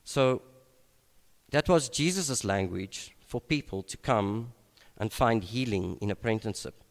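Guy preaching a sermon, lowish voice, slow and thoughtful, lots of um and restarts, big hall echo. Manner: unhurried, reflective, with frequent hesitations and restarts. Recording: long reverb of a large hall.

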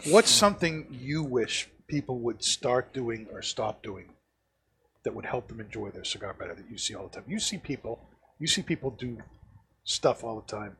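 A man hosting a casual podcast, asking easy questions and giving quick, agreeing replies. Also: mid-range voice, animated, creaky, bright, forceful tone, a little hiss or hum, rough recording. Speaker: podcast host.

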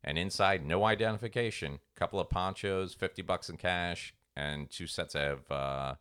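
A man's voice: low-pitched, moderate pace, clear, resonant tone. A man co-hosting a podcast, telling stories in casual chat and acting out the people in them. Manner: animated storyteller, acts out voices in anecdotes. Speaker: podcast co-host.

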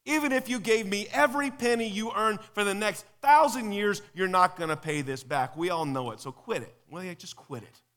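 A man's voice: high-pitched, brisk, few pauses, a bit bright. A man playing an exasperated king who bluntly and casually dismisses a debtor, with long hall reverb.

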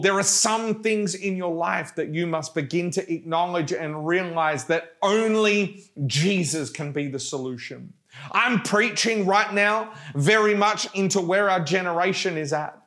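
A male pastor delivering a fervent sermon at an unhurried pace, his voice sitting a little higher than most men's. He leans on his words with passion, then sinks into soft, pleading prayer. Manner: impassioned preaching, dropping to hushed prayer.

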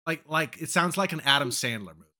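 Bright-voiced man making halting guesses. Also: fairly high pitch, expressive. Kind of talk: casual podcast banter.

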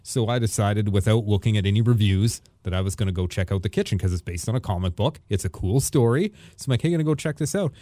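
A man's voice: lowish voice, fast talker, few pauses, dark tone, dry recording. A man co-hosting a podcast, telling an exasperated story and acting out the people in it. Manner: exasperated, acts out people in his stories. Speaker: podcast co-host. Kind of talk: animated storytelling rant.

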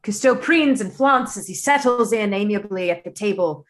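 A woman putting on a British accent to play a nature-documentary narrator, telling a scene with measured, dramatic delivery. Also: mid-range voice, animated, lightly acted. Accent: British (put on).

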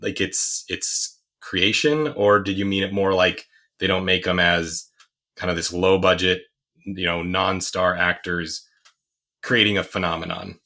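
A man with a very low but bright voice, talking through a movie in a casual chat. He rambles and circles back, filling gaps with "like" and "you know.". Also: fairly even intonation, a little slow. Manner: rambling, hesitant, lots of "like".

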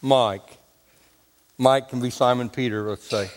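Man, preacher, folksy and colloquial, unhurried delivery, long hall reverb. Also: medium pitch, steady tone, a little hiss or hum. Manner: homespun and colloquial, talks to the congregation. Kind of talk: folksy storytelling sermon.

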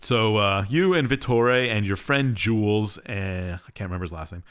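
A man's voice: fairly low pitch, normal speed, clean tone. Offhand, rambling male podcast host. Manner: rambling and offhand, with many fillers and shrugging asides. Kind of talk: casual chat, recapping a game's story.

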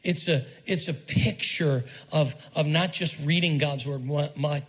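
A male pastor delivering a sermon, his voice sitting a bit higher than most men's. He preaches emphatically, repeating phrases for effect and prompting the congregation to finish his sentences. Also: unhurried, fairly bright tone, rough recording. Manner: call-and-response prompting. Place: church auditorium.

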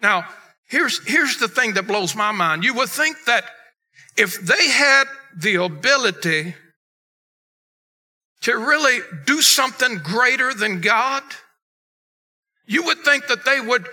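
A pastor delivers an emphatic sermon, his voice very high and strikingly bright. He swings between loud bursts and quiet, low passages. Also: animated, takes it slowly, pauses often.

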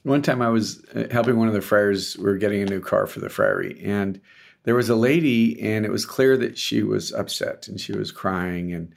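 A man's voice: fairly low pitch, moderate pace, creaky. A man co-hosting a podcast in casual chat, with a dry, teasing, sarcastic manner. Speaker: podcast co-host.

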